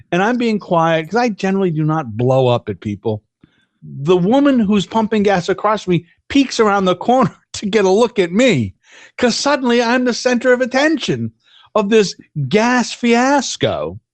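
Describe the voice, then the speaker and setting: A man's voice: high voice, no room sound. Profane rambling man telling a story. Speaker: podcast co-host. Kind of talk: casual chat.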